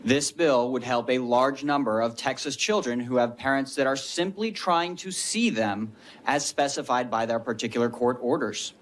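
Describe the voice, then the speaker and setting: Male witness, prepared statement, formal and measured, mid-pitched. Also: slight background noise. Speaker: witness testifying at a legislative hearing. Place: legislative hearing room.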